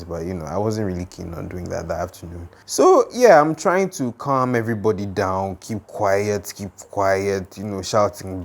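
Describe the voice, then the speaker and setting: A young man casually telling a childhood story, lively and dramatic, with lots of fillers. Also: on the low side.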